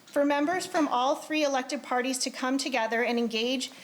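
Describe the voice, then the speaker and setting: A woman's voice: sits high, moderate pace. A woman presenting a committee report in a legislature, reading in a formal, earnest way. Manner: earnest, grows emotional. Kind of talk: formal legislative speech, read aloud. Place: legislative chamber.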